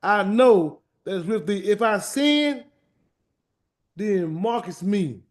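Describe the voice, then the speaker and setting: Man, Bible study teacher, high voice, animated, colloquial, repeats words, live prayer. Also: slow pace. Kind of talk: weekly scripture word study and prayer. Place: meeting room streamed live.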